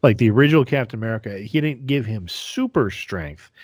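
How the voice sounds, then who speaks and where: A middle-aged man in casual chat, animated and acting out quotes in voices. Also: medium pitch, brisk, breathy edge, dry recording, studio quality.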